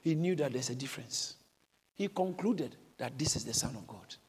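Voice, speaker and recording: A man preaching a sermon in a church, explaining and exclaiming with animated emphasis. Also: medium pitch, moderate pace, slightly rough, big-room sound. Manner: animated preaching, bursts into shouts when quoting. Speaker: pastor.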